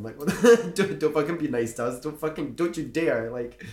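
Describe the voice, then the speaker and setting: A man's voice: a little high, moderate pace, echoey room. A young man in casual chat as a podcast co-host, teasing, swearing and laughing often.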